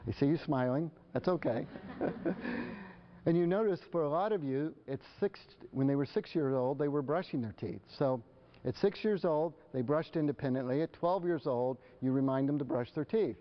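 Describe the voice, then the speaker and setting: A man's voice: fairly high pitch, a little fast, lo-fi sound, slight background noise. A man giving a conversational live presentation to parents, often putting questions to the audience in front of him. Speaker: speaker addressing parents.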